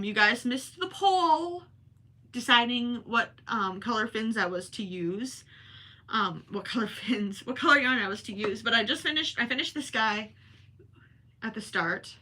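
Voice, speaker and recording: A woman's voice: fairly high pitch, pushed and bright. A young woman hosting a crochet livestream, chatting casually with viewers and rambling as she works, sometimes turning from the mic. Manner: chatty and rambling, self-correcting, talks while working. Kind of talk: casual chat while crocheting live.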